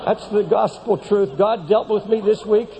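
A man preaching a sermon with passion, climbing to high emphatic peaks, then dropping low and slow, and repeating words as he builds. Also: vocal fry, background noise. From United States. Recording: long hall reverb.

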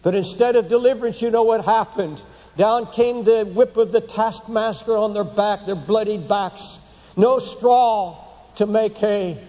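A man preaching a sermon with passion, climbing to high emphatic peaks, then dropping low and slow, and repeating words as he builds. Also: highs cut off. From United States. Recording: long hall reverb.

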